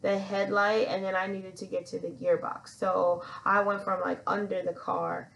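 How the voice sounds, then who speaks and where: A woman's voice: mid-range voice, level tone, normal speed, creaky, fairly bright tone, rough recording. A woman hosting a podcast, telling a personal story in a rambling, chatty way and calling herself "your girl". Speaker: podcast host.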